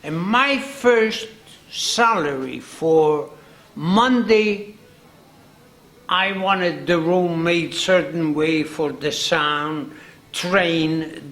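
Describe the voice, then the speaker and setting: A man, telling an unhurried, folksy story from his working life in an interview. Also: on the high side, a bit bright, a little hiss or hum. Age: 90s. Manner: unhurried, repeats himself, folksy phrasing. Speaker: interviewee, accordion builder. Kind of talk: reminiscing storytelling.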